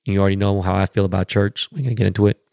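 A man's voice: sits low, steady tone, rapid-fire, vocal fry, a little mellow, clean tone, no room sound, clean studio sound. A man hosting a podcast, talking in a casual, profane, rambling way with blunt opinions. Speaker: podcast host. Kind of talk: casual chat.

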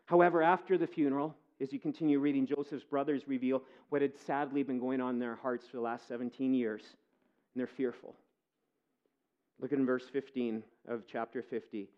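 A man preaching a sermon as pastor, earnest, moving between quiet reflection and impassioned pleading. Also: fairly high pitch, normal speed, muffled recording.

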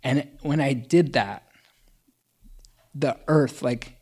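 A man's voice: mid-range voice, slow, darkish tone, breathy edge. A middle-aged man telling a personal story in casual conversation, chatty with lots of fillers and self-mocking humor.

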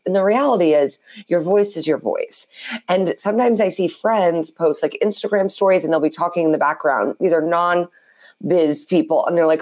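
Raspy sick-sounding lady hosting a podcast, kinda low pitched, gets really animated. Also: moderate pace. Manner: animated, swings up high when fired up. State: hoarse from a cold. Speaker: podcast co-host. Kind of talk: casual chat.

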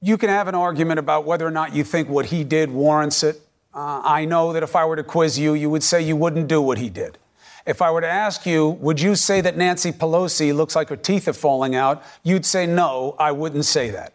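A man anchoring a cable news interview, pressing his guest in a forceful, argumentative way. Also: on the high side, fairly quick.

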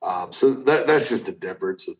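Low-voiced man rambling through viewer questions. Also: animated, normal speed, rough recording. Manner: rambling, many restarts and fillers, trails off quietly. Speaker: recruiting analyst host. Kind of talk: casual talk answering viewer questions.

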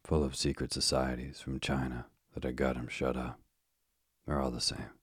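A man reading the lines of a cheerful, callous, burly asylum keeper in a blunt, offhand way, as part of a calm sleep-story reading. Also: a bass voice, moderate pace, slightly rough, dry recording, clean studio sound.

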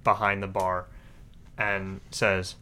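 A man narrating a tabletop game as game master in a relaxed, hesitant way. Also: low voice, slow, slight background noise.

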